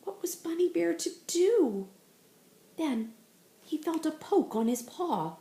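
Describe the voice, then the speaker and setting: A woman teacher reading a picture book aloud in a slow, expressive storytelling voice. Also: very high voice. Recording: roomy echo.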